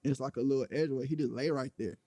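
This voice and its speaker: A man tells a personal story as an interview guest, talking bluntly and swearing freely as he rambles through it. His voice sits at an ordinary middle pitch, and the sound is dry and close with no room around it. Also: fairly even intonation, very fast, warm tone, no echo. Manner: blunt, profane, rambling storytelling with many fillers.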